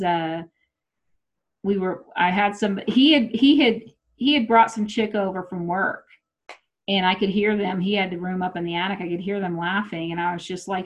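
This middle-aged woman's voice sits in the mid range and moves a little slowly as she shares a personal story. Her telling is animated and full of swearing, with dialogue acted out, all captured in muffled lo-fi sound.

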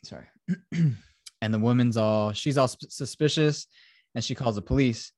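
A man's voice: medium pitch, moderate pace, a little mellow, dry recording, studio quality. Profane, rambling young man. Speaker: podcast host. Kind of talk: casual chat retelling a film.

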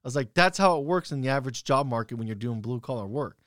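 A man's voice: mid-range voice, expressive, quick pace, fairly bright tone, no echo. Blunt, profane young man, dry sound. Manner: blunt, profane storytelling with heated retorts. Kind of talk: casual profane chat.

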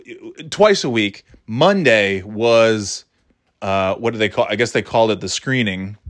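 A man in his forties telling a story from his school days in a rambling, profane, self-mocking way. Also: on the low side. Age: 40s. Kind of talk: casual storytelling.

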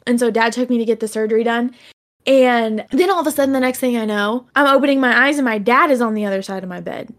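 A young woman telling a story in casual chat, animated and acting out the voices she quotes. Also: fairly high pitch, quick pace.

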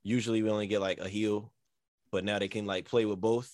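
A man with a fairly low voice talks in an easygoing, slangy way, letting his sentences drop off quietly. The sound is dry and close, with no room around it. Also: level tone, a little fast, no echo. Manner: laid-back, slangy, trails off softly. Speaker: podcast co-host. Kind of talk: casual chat.

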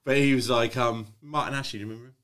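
Man, podcast co-host, casual rambling chat, middle pitch. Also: steady tone, fairly bright tone. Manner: rambling, sweary, halting restarts.

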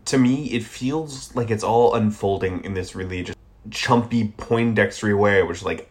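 A man from the American South, co-hosting a casual movie podcast. His voice is fairly low-pitched, and his critiques come out blunt, sardonic and peppered with swearing. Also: normal speed. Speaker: podcast co-host.

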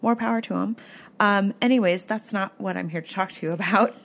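A woman's voice: medium pitch, brisk, vocal fry. A young adult woman hosting a podcast, telling a story in a casual, chatty way full of fillers. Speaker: podcast host.

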